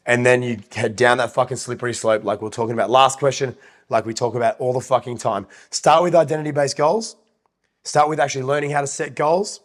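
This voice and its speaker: A man co-hosting a fitness podcast, talking bluntly with lots of swearing, his voice a bit nasal and husky today. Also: medium pitch, steady tone. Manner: blunt, heavy swearing, fast advice-giving. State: nasal, slightly hoarse. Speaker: podcast co-host and coach. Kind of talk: casual podcast chat.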